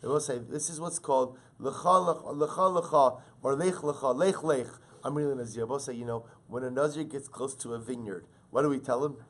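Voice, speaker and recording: Rabbi, man, Talmud class teacher; animated, stressing quoted texts. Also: mid-range voice, brisk, hardly any pauses. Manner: animated, repeats words, rises loudly on Hebrew and Aramaic quotes.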